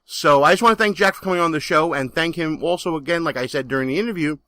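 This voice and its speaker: A man's voice: a little high, fast, sharp tone, dry recording. A man with a Brooklyn accent hosting a political talk radio show, brash and jokey as he plugs the show.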